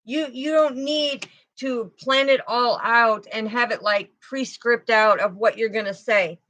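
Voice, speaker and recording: Female tarot reader, chatty delivery, fairly high voice, dry close sound. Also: measured pace, fairly bright tone, no echo. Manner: chatty, with frequent "you know" and "okay". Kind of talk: casual spiritual card reading.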